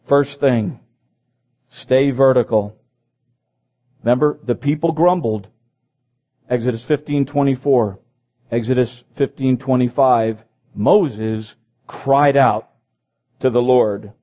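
A man's voice: medium pitch, slow, long pauses, warm tone. A man preaching a sermon. He reads scripture aloud and breaks in with his own comments, repeating phrases as he goes.

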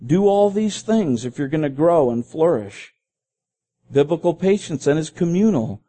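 A middle-aged man, a pastor, preaching an earnest sermon and slowing down when he quotes scripture. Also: on the high side, expressive, mellow.

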